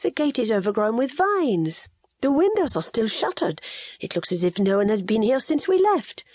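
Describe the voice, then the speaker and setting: A woman's voice: a little high, sing-song, normal speed, darkish tone, no echo, voice pushed up. A woman narrator voicing a practical young mother who speaks with urgent, worried questions.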